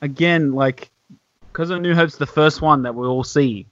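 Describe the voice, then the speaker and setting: A man's voice: a little high, moderate pace, a bit bright, dry recording. A man joining a casual podcast chat as a guest, drawing his words out in a playfully dramatic way. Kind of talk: casual chat among friends. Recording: dull lo-fi dry sound.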